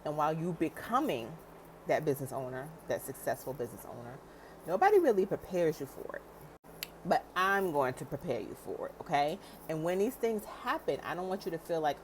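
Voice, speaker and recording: A woman's voice: deep voice, expressive, brisk, a little hiss or hum. A woman coaching new business owners in a direct, encouraging vlog style, acting out inner doubts and laughing often. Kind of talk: motivational vlog talk.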